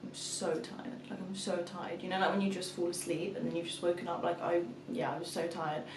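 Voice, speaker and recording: A young mother of two who vlogs chats casually to the camera, telling a story and imitating her toddler's calls. Her voice sits on the low side with little pitch movement and a brisk pace. The room is echoey, the mic is far off, and there's background noise.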